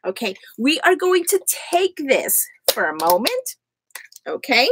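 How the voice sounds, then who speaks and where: A woman's voice: high-pitched, sing-song, unhurried, noisy background. A woman hosting a live crafting tutorial from home, chatty and often laughing at herself. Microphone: USB desk microphone.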